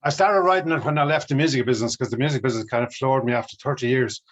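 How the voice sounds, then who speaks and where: A man's voice: medium pitch, racing. Irish guy, middle-aged musician, chatty and upbeat, kinda muffled lo-fi audio. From Ireland. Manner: enthusiastic, storytelling. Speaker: musician guest. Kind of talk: casual interview chat. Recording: dull lo-fi audio.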